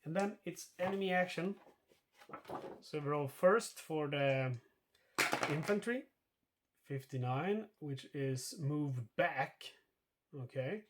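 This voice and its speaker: A man's voice: fairly high pitch, takes it slowly, pauses often, background noise. Chatty man explaining a board game. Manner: thinks aloud with many fillers and self-corrections. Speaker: board game player narrating a solo playthrough. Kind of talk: casual explanatory playthrough commentary.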